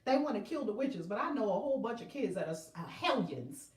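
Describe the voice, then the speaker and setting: A woman hosting a tarot video, chatting casually to her viewers and often breaking into loud laughter. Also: mid-range voice, fast, roomy sound, recorded from a distance. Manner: animated, laughing loudly, exclaiming often. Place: room at home.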